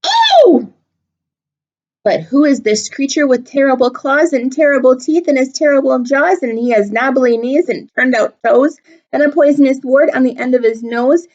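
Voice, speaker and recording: A woman teacher reading a picture book aloud to children, animated and expressive. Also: high voice, moderate pace, muffled recording. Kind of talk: storybook read-aloud for children.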